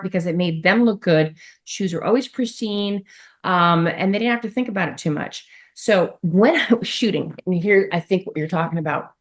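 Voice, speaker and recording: A middle-aged woman chats as a podcast guest in a somewhat low voice. She tells stories casually and loosely, with plenty of asides. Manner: chatty, storytelling, with laughs and asides. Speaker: podcast guest, former model. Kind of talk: casual interview chat.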